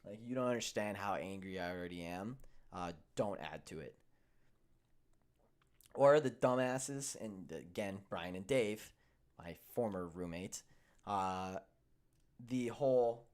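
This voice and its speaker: Animated, profane young male show host. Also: low-pitched, measured pace, pauses often. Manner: animated, profane storytelling that swings from heated to grumbling. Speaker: sports betting show host. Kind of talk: casual chat.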